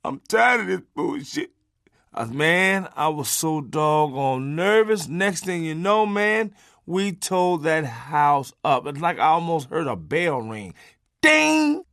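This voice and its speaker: A man telling a comic story from his own life, animated and profane, swinging from loud bursts to low asides. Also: slow pace, dry recording, clean studio sound.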